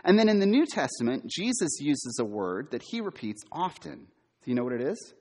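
A middle-aged man preaching a sermon, quizzing his listeners and repeating key words for emphasis, sometimes loud and sometimes hushed. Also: mid-range voice, sing-song, fairly quick. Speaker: preacher, former campus minister.

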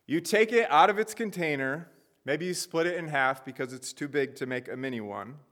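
Slow, deliberate male preacher. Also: fairly high pitch, fairly bright tone. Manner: deliberate, emphatic, explanatory. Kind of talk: expository sermon.

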